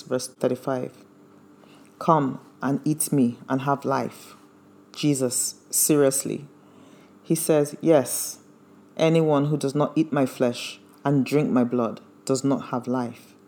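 A man's voice: mid-range voice, steady tone, slow, a little mellow. A man preaching a sermon, earnest and emphatic, quoting scripture verse by verse.

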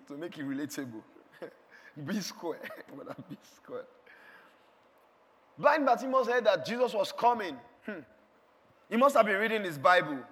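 A man preaching a sermon, emphatic, repeating lines and shouting some of them in a large church hall. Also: sits high. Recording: long hall reverb.

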